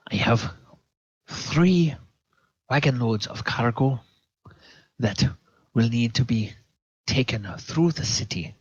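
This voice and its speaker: A man voicing a haughty, demanding female dragonborn merchant with a thick accent, speaking in a measured, insistent way. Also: mid-range voice, breathy edge, no room sound, lo-fi sound.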